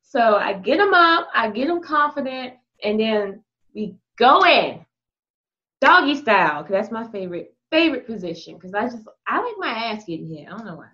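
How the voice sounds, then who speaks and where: A woman with a high voice recounts a story bluntly and with energy, in an easygoing chat style. The sound is muffled and lo-fi, like a home podcast recording. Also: moderate pace. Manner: frank, explicit, lively anecdote telling. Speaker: podcast guest. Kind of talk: casual candid storytelling.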